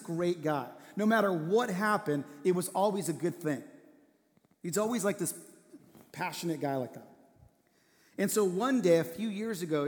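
Male pastor, earnest storytelling sermon, slightly high voice, long church-hall reverb. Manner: earnest storytelling, drops to a hushed voice for tender moments.

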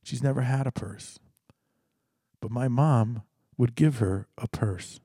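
A man's voice: mid-range voice, takes it slowly, mellow, husky, no room sound, studio quality. A man telling a personal story to listeners in a conversational way, speaking to them directly. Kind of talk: spoken storytelling to an audience.

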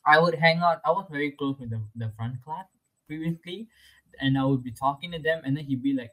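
A man's voice: on the high side, fairly quick, fairly bright tone, rough recording. A young man telling his own story in a casual interview, chatty and full of "like" fillers, laughing often.

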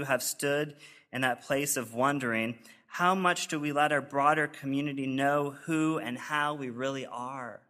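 A male pastor giving a sermon, reading letters of support aloud in an earnest, measured way. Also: medium pitch, sharp tone. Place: church sanctuary.

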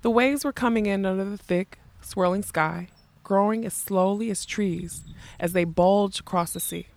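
A woman narrating a fantasy novel in a measured, expressive storytelling voice. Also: mid-range voice, no room sound. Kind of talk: audiobook reading of a fantasy novel.

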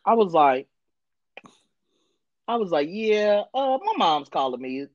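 A man hosting a podcast, telling a story in loose, profane chat. His pitch swings widely as he acts out the people he quotes. The sound is dry, a little dull and lo-fi. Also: sing-song, slow, no room sound. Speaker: podcast host.

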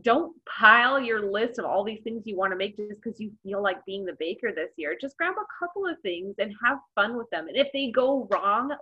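Woman, 30s, casual podcast guest; slightly husky, a bit muffled. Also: on the high side. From Arizona. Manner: chatty, laughs easily. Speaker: guest, macaron baker.

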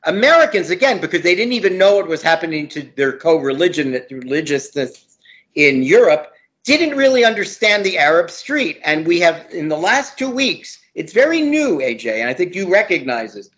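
A man with a high voice speaks in an emphatic, opinionated manner and hammers his points by repeating words. He is a law professor giving an interview guest's view. The recording is dull and lo-fi. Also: very animated, moderate pace, a bit bright. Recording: dull lo-fi audio.

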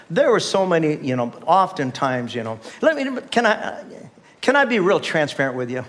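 A man's voice: fairly high pitch, big pitch swings, moderate pace, a bit bright. An older man preaching a sermon as pastor, emphatic and repetitive, often calling on the congregation to respond. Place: church sanctuary.

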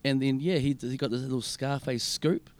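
A man's voice: mid-range voice, normal speed, clean tone, dry recording. A young man, co-hosting a podcast and telling a story in a rambling, sweary way full of fillers and restarts. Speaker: podcast co-host. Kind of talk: casual storytelling chat.

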